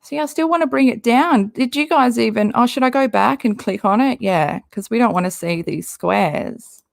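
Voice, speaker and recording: Gravelly exasperated woman reading posts aloud. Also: a little high, animated, moderate pace, dry recording, studio quality. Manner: exasperated, rambling, swears freely. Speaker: commentary YouTuber.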